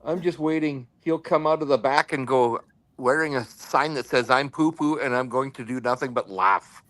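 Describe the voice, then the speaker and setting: A man's voice: medium pitch, moderate pace, a bit bright, dry recording. A man joking and teasing in a casual podcast chat. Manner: teasing, jokes along.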